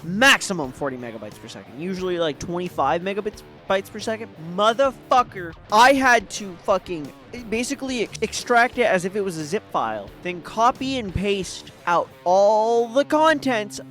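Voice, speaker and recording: A man's voice: sits high, lively intonation, moderate pace, a bit bright, faint music behind. A man, a VTuber, ranting in a casual monologue, exasperated and profane, full of "like" and "right?".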